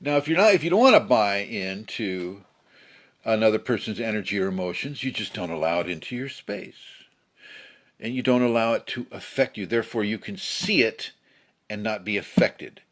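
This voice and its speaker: A man giving a casual spiritual talk, slightly hoarse, who acts out angry people with sudden shouts. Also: fairly low pitch, expressive, normal speed. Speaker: spiritual teacher. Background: a pet bird fluttering.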